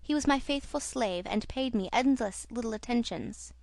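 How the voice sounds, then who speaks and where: Expressive woman reading a horror audiobook. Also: fairly high pitch, moderate pace, creaky, dry recording. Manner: expressive, theatrical. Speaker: audiobook narrator.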